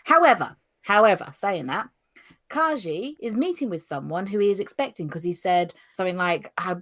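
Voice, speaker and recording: A woman co-hosting a casual review podcast, retelling an episode in a chatty, giggly, animated way. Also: medium pitch, normal speed. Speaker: podcast co-host, newbie reviewer.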